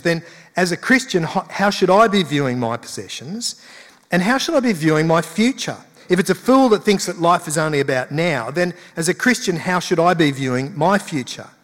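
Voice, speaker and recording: A man's voice: a little high, expressive, moderate pace. A male pastor giving a conversational sermon with emphatic rises. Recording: long hall reverb.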